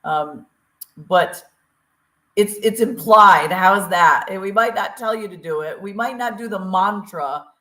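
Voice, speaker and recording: A woman's voice: mid-range voice, a little slow, a bit bright, reverberant. A woman co-hosting a talk show, chatty and upbeat with lots of fillers, from Eastern Tennessee. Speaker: podcast co-host. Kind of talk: casual show opening and announcements.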